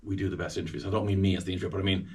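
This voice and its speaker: Far from the mic, this Irish radio presenter races along in a low voice. He's a lively, chatty podcast guest discussing celebrity interviews, acting out the voices of those he quotes.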